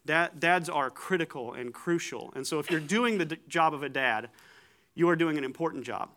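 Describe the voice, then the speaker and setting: Male preacher, conversational sermon, slightly high, bright forceful tone, self-deprecating humor. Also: normal speed, slight background noise. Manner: animated, joking, self-deprecating; repeats words when starting thoughts.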